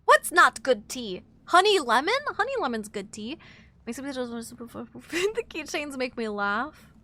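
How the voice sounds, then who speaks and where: A young woman from Wisconsin chatting on a live gaming stream, sick and sleepy, scattered and chatty with sudden loud outbursts. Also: sits high, sing-song, a little slow. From Wisconsin, USA. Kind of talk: casual live-stream chat while gaming.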